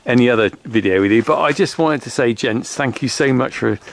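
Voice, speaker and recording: A man's voice: medium pitch, brisk, creaky. A man vlogging about farming, talking in a chatty, rambling way with lots of fillers, recorded outdoors by a cottage. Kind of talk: casual chat.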